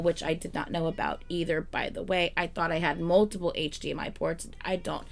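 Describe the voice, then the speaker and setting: A woman's voice: lowish voice, steady tone, a little fast, vocal fry, hardly any pauses. A young woman streaming from home in casual chat, swearing freely and ranting in a rambling, exasperated way.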